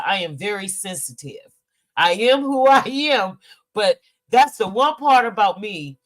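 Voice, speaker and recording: Fairly high-pitched and a bit bright, the voice belongs to a middle-aged woman hosting a podcast. In a casual livestream chat reading viewer comments, she's candid, emotional and teary, with free swearing.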